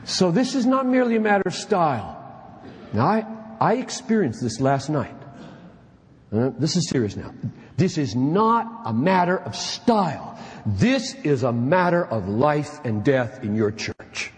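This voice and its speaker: A man's voice: on the high side, big pitch swings, a little slow, in a large hall. A man preaching to fellow pastors, exhorting them with emphatic rhetorical questions. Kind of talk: sermon-style lecture.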